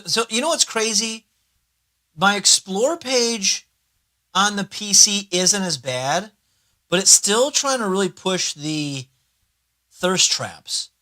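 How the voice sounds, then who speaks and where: A young man streams casually, his voice high and sharp as he rambles and swears. At times he talks himself through his computer setup.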